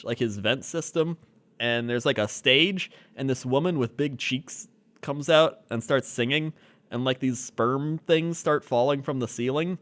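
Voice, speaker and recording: A man's voice: mid-range voice, a bit bright. A man co-hosting a casual comedy podcast, rambling through a story with lots of fillers and easy laughs. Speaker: podcast co-host.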